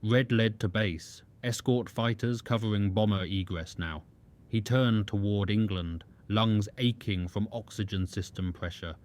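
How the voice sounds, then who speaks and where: A man giving scripted story narration in a measured, even delivery. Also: on the low side. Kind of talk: scripted documentary-style narration.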